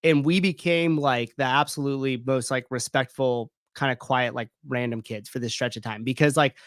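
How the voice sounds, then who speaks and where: A man in his thirties talks loosely and candidly, swearing often and leaning on "like" as he tells a story. His voice sits at an ordinary pitch. The sound is dry and close, with no room around it. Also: fairly even intonation, moderate pace, fairly bright tone, dry recording. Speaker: gym owner and guest. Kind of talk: casual storytelling.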